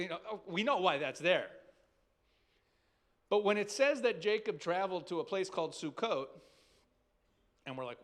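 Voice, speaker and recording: A rabbi delivers a sermon in a high, expressive, somewhat bright voice at a fairly quick pace. His preaching is conversational yet emphatic, full of rhetorical questions and sentences he restarts.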